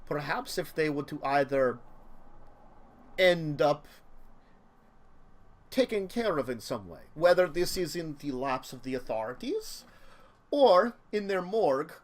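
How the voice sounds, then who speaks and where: A man putting on a smooth old crime boss. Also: fairly high pitch, very animated. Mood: persuasive. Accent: attempted Spanish accent, admittedly poor. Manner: courtly, slow and deliberate, with drawn-out pauses. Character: aging male crime boss, smooth and scheming. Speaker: game master.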